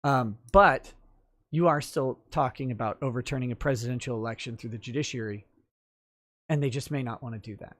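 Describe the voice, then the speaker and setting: A man's voice: mid-range voice, brisk, a bit bright, no echo. A man hosting a livestream, explaining legal matters in a casual, thinking-aloud way with fillers. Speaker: livestream talk show host and lawyer.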